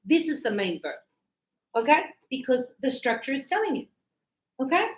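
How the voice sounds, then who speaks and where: A woman's voice: high voice, very animated, normal speed, echoey room. A middle-aged woman teaching a grammar lesson to a class, acting out little scenes with voices as examples. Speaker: English teacher.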